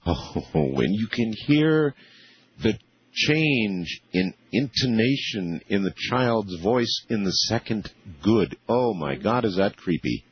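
Husky low-voiced radio host. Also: male voice, big pitch swings, takes it slowly. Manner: hesitant, restarts often, reacts with amazement. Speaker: radio talk show host. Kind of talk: casual radio interview. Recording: muffled lo-fi radio audio.

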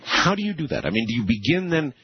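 A man's voice: a little high, big pitch swings, fast talker, muffled recording, slight background noise. A man hosting a radio interview, hesitant and amazed, with many fillers. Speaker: radio show host.

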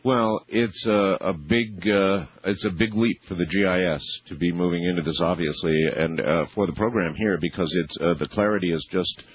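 A man's voice: sits low, normal speed, few pauses, husky, lo-fi sound. A man hosting a radio interview, hesitant and amazed, with many fillers. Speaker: radio show host.

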